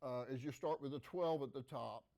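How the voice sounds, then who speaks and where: A middle-aged man hosts a local TV health segment. He speaks plainly and folksily at a mid pitch, with plenty of fillers. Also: normal speed, vocal fry, a little mellow. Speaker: physician hosting a health segment. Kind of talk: conversational health talk to camera.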